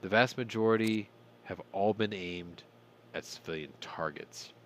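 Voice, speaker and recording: A man's voice: fairly low pitch, unhurried, a little hiss or hum. A man hosting a casual news commentary podcast, irreverent and swearing, with ranting asides. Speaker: podcast host.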